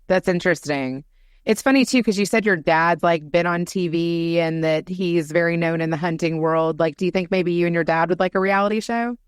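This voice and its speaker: Low, smooth-voiced woman interviewer. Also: fairly quick, no echo, clean studio sound. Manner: curious, conversational questioning. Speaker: podcast host. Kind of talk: interview questions.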